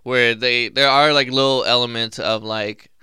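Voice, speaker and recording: Bright, clear-voiced young man chatting. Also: mid-range voice, steady tone, moderate pace, no echo, clean studio sound. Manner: chatty, lots of fillers and "like". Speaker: podcast co-host. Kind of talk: casual movie discussion. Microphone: studio microphone.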